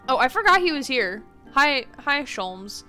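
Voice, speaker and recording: A woman streaming a game, chatting casually in quick asides and laughing often. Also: high voice, sing-song, bright, forceful tone. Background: faint game music.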